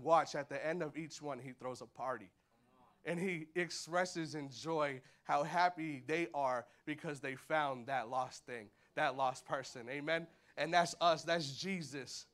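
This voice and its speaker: A man in his thirties preaching in a church, talking casually with slang and acting out the voices of people in his stories. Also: fairly high pitch. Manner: animated, acts out voices, colloquial slang. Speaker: pastor. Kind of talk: sermon. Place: church hall.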